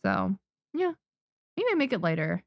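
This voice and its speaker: A woman from Japan, a native Japanese speaker, chatting casually with her live-stream viewers while she draws manga, excitable and quick to laugh. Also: medium pitch, vocal fry, dry recording, clean studio sound.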